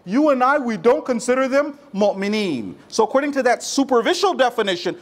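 Homme prêchant avec un ton très animé. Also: male voice, very high-pitched, a little fast, few pauses. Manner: animated, rhetorical questions and repetition. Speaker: religious speaker. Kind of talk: sermon to a congregation.

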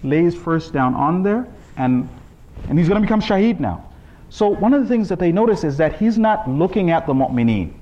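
A man preaching a sermon to a congregation, emphatic, reciting scripture in Arabic and climbing to high exclaiming peaks. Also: lively intonation, moderate pace, dark tone, dull audio. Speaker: speaker at a religious gathering.

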